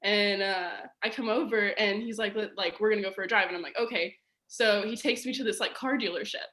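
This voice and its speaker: A young adult woman, a podcast guest, telling a personal story in casual chat, animated and peppered with "like". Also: medium pitch, brisk. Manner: animated, says "like" a lot, acts out quoted voices.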